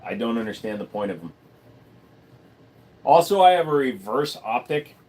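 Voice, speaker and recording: A man of ordinary pitch hosts a relaxed livestream from a room at home, fielding viewer questions one after another. His delivery is blunt and deadpan, with crude jokes dropped in flatly. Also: normal speed. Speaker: livestream host. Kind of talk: casual livestream Q&A, answering chat. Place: room at home full of computer gear.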